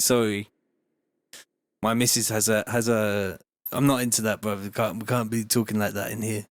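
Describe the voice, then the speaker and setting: A man's voice: fairly low pitch, flat delivery, moderate pace. A man chatting casually and swearing while he makes music and reads viewer comments aloud. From Bristol, England. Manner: laid-back, rambling, swears, reads chat comments aloud. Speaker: music producer hosting a livestream. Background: faint music from the track being made.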